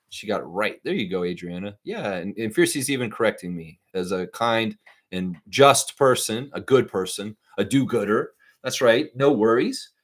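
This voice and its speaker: A man's voice: mid-range voice, slightly rough. A man hosting a casual live stream, chatting loosely and reading viewer comments aloud. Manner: chatty, reads chat aloud, sings snatches of songs.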